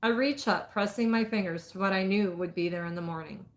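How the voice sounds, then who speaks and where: A woman narrates a first-person romance in an intimate, measured voice. Her pitch sits in the middle range. She reads at a steady storytelling pace. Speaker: audiobook reader.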